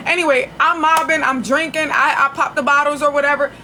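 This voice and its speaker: A high, bright woman talks into her phone on a livestream, rambling through a story with plenty of swearing and restarts. A faint hiss of background noise sits under her voice. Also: steady tone, brisk. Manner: chatty, profane, rambling with restarts.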